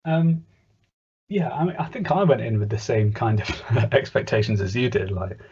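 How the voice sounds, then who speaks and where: A man's voice: mid-range voice, normal speed, a little mellow, breathy edge. A man co-hosting a podcast, chatting casually with a rambling, hesitant manner full of fillers. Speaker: podcast co-host. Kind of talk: casual chat reviewing a cartoon. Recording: dull lo-fi podcast audio.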